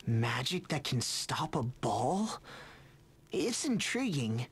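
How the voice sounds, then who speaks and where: An actress playing a calm, level-headed female party member in a video game. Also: rumbling low, slow, slightly rough, exaggerated voice.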